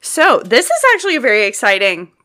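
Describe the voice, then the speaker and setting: A woman's voice: on the high side, very animated, fast talker, bright, forceful tone. A woman co-hosting a podcast in casual chat, playful and laughing often as she quizzes her partner and reads from her notes.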